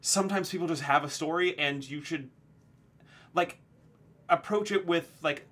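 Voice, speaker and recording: A man's voice: fairly high pitch, moderate pace, fairly bright tone. A man co-hosting a podcast, trading jokey asides and thinking aloud in casual chat. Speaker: podcast co-host.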